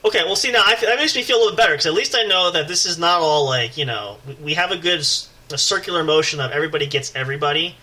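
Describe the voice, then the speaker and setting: A man co-hosting a podcast, telling a story in an animated, rambling way, with swearing and constant restarts. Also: on the high side, low-quality recording. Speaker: podcast co-host. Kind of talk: casual podcast banter.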